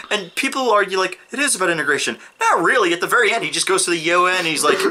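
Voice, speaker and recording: A man co-hosting a casual movie review, retelling scenes with lively put-on voices and frequent swearing. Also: high voice, very fast, hardly any pauses, slight background noise. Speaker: co-host of a movie review show.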